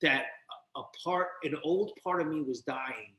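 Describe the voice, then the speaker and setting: Animated storyteller, a man in a roomy space. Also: on the high side, measured pace. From New Jersey. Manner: animated storytelling, acting out both sides of the dialogue. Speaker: podcast guest. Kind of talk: personal recovery story. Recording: roomy echo.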